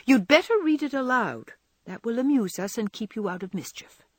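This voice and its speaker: A woman's voice: a little high, very animated, normal speed, fairly bright tone, slightly rough, no room sound, clean studio sound, pitched above the performer's own voice, full character voice. A woman reading the part of a prim, fussy young girl who talks in a grown-up, affected way. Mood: bossy.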